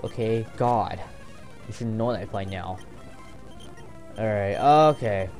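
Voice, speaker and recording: A young man giving casual, excitable commentary while playing a game, swearing and joking to himself. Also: lowish voice, takes it slowly, soft background music. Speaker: gameplay commentator.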